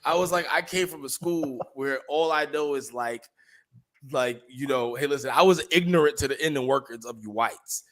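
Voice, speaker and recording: A man co-hosting a podcast in casual chat, telling stories loudly and swearing a lot. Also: mid-range voice, moderate pace. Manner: loud, animated storytelling, swears a lot. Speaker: podcast co-host.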